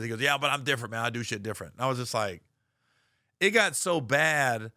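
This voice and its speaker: Brief: middle-aged male comedian, bright dry voice, animated storytelling. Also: mid-range voice, brisk, no echo. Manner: animated, profane, acts out quoted voices.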